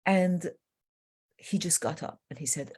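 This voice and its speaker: A middle-aged woman, a life coach, talks in a low, slightly rough voice at a somewhat slow pace as a guest in a casual podcast interview. She's a lively storyteller who acts out the people in her stories, jumping her pitch up and down when quoting them.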